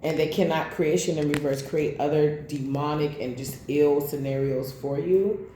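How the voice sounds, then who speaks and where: A woman reads tarot cards in a casual, blunt way, swearing freely as she calls out each card. Her voice is mellow and dark, mid-pitched, and sits in a roomy, echoey space. A faint hum of noise runs behind her. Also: steady tone, moderate pace. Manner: blunt and profane, calling out cards. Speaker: tarot reader.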